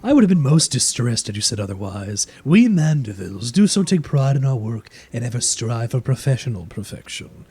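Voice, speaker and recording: A man's voice: mid-range voice, very animated, fairly quick, few pauses, mellow, husky. A man voicing a haughty, pompous rich noblewoman from a video game, reading her lines in a stiff, formal way.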